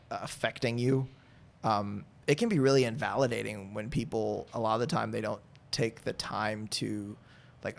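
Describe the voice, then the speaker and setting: Podcast guest, man in his 30s, low gravelly voice, candid and rambling. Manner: rambling, candid, filler-heavy. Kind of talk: casual chat.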